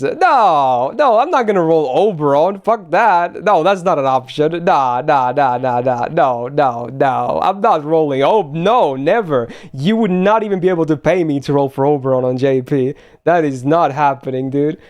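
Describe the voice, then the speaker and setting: A man's voice: a little high, lively intonation, normal speed, few pauses. A young man chatting casually on a live stream, blunt and swearing often as he talks to his chat.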